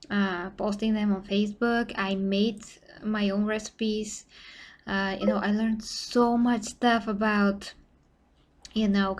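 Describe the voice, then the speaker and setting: A young woman from Bulgaria with a Bulgarian accent, chatting casually with viewers on a live stream, rambling and full of "you know" fillers, her voice getting tired from long talking. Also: medium pitch.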